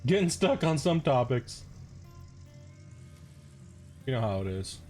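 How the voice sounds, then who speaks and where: A man with a mid-range voice chats loosely over his gameplay, rambling from topic to topic. He swears freely and laughs often. His tone is relaxed and unpolished. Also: mid-range voice, slow, faint music behind. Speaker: gaming channel host. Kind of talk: casual gameplay commentary.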